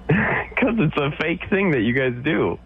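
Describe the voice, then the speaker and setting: Joking caller on a tinny phone line. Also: male voice, on the high side, very animated, slow pace, slight background noise. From Orange County, California. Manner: ribbing, laughing, rambling. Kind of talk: joking call-in banter.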